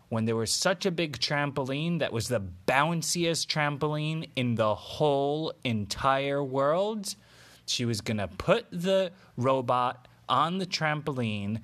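A man spinning an improvised bedtime story for a child at a slow, unhurried pace. He speaks gently, pausing and filling gaps as he makes it up. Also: medium pitch. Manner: slow, gentle, with pauses and fillers.

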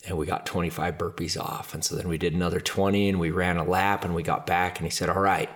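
A man with a very low voice recounts a personal story as a podcast host. He speaks earnestly and casually and scatters "like" through his sentences. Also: flat delivery, quick pace. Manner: earnest, conversational, frequent "like" fillers.

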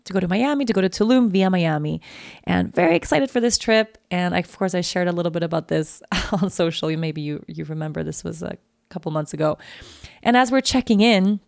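A young adult woman hosting a podcast, telling a personal story in a chatty, animated way full of "like". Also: lowish voice, a little fast, creaky, dry recording, clean studio sound. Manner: chatty, animated, heavy use of "like". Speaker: podcast host. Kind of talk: casual storytelling monologue.

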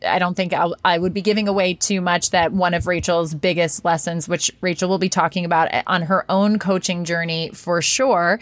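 A woman's voice: lowish voice, no room sound. A woman life coach hosting a podcast interview, talking in a chatty coaching way and laughing often.

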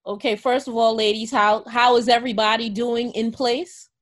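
A woman's voice: on the high side, little pitch movement, moderate pace. A woman co-hosting a casual group podcast, blunt and joking, swearing freely. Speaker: podcast co-host.

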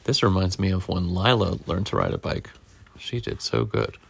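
A man's voice: low voice, sing-song, normal speed, vocal fry, husky, no room sound. A man reading a picture book aloud to his daughter, playful and affectionate as he goes. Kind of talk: read-aloud storytime.

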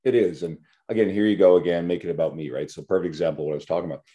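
Blunt low-voiced podcast host. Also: male voice, very fast. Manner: blunt, animated, swears freely. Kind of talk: casual podcast conversation.

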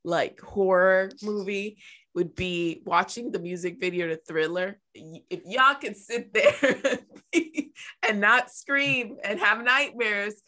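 A woman co-hosting a podcast in casual chat, blunt and animated, swearing freely as she tells stories. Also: mid-range voice, takes it slowly. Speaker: podcast co-host.

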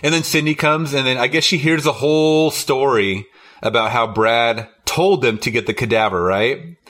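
With a mid-range, slightly bright voice at a moderate pace, a man co-hosting a podcast retells a horror movie in a loose, rambling way. Profanity and laughter fill his scene-by-scene recap.

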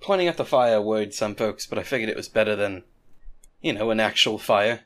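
A man's voice: lowish voice, expressive, fairly quick, fairly bright tone. A man at a tabletop game, speaking offhandedly. He reads out his character's moves and chats casually with the group. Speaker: player.

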